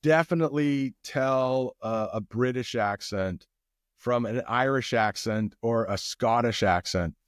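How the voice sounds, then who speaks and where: A man's voice: medium pitch, measured pace, smooth, dry recording, studio quality. An American man, a guest English teacher, chatting casually on a podcast in an easygoing way, often repeating his phrases. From United States.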